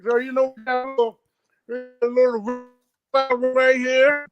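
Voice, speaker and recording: A man's voice: very high voice, completely flat delivery, normal speed, faint music behind. A man in his fifties from Baltimore, a joking, playful guest on a talk stream.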